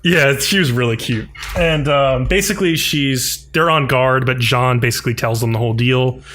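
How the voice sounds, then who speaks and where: Guy co-hosting a podcast, retelling a show all animated, says like a lot, average pitch. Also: normal speed, a little hiss or hum. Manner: animated retelling, frequent "like", acts out characters' lines. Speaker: podcast co-host. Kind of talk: casual episode recap.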